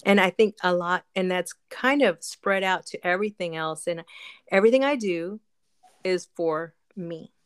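A woman's voice: fairly low pitch, moderate pace, smooth. A woman hosting a casual podcast chat, encouraging and chatty, with many fillers. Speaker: podcast host.

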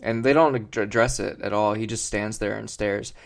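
A man co-hosting a comedy podcast, rambling on in a mock-earnest, deadpan way with many fillers. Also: on the low side, moderate pace, vocal fry. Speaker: podcast co-host.

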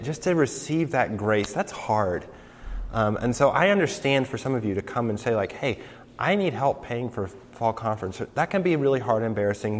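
A young man, a campus pastor talking casually to a student group, his voice nasal from a cold, with lots of relaxed fillers. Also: mid-range voice. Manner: relaxed, conversational, many fillers. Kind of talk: casual sermon announcements. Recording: reverberant hall.

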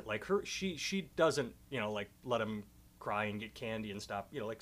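A man's voice: medium pitch, brisk. A man hosting a casual podcast, a comedian talking in a rambling, self-deprecating way with fillers.

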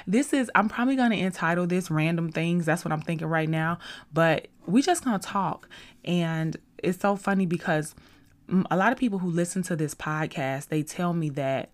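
A woman hosting a faith-based podcast, talking at a studio mic in a chatty, rambling, effusive way. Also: deep voice. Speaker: podcast host.

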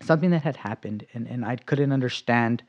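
This man's faith testimony comes out in an energetic, casual telling, where he replays his own past words and drops to a whisper to stress key points. He talks fairly quickly at a medium pitch, and the audio sounds dull.

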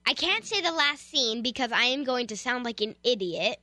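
A woman's voice: fairly high pitch, lively intonation, normal speed, pushed and bright, dry recording. A woman co-hosting a radio show, reacting in short, bubbly interjections and casual banter.

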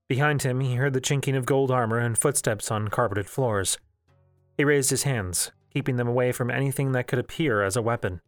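Guy reading a fantasy novel out loud, steady and even, dry close mic, faint music behind. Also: medium pitch, a little fast, no echo. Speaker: audiobook narrator.

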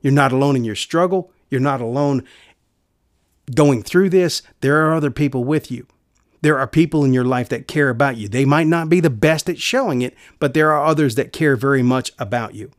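A man preaching a sermon in an earnest way, repeating key phrases and going soft for quiet lines. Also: mid-range voice, moderate pace, no room sound, studio quality.

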